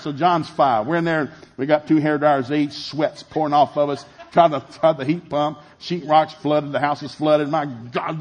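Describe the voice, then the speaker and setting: A middle-aged man preaching a sermon, telling a family story with animated, shouted retellings. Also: a little high, moderate pace, dull audio. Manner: animated, shouting in acted-out scenes, laughing. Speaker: pastor.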